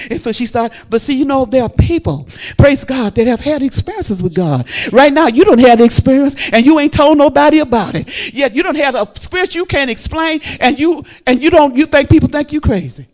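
Fervent shouting woman preacher. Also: high-pitched, expressive, a little fast. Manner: folksy, repeating phrases. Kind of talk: sermon.

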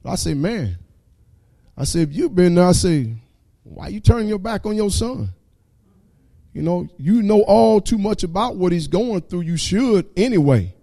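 A man's voice: sits high, animated, moderate pace, vocal fry, warm tone. A man giving a fervent church testimony with a repetitive preaching cadence.

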